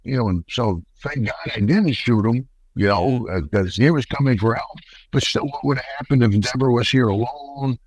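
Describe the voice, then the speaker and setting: An older American man, a retired wrestler, telling a story in a folksy, animated way and acting out the quotes. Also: medium pitch, moderate pace, crowd noise, poor audio. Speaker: podcast guest, retired wrestler. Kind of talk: casual storytelling interview.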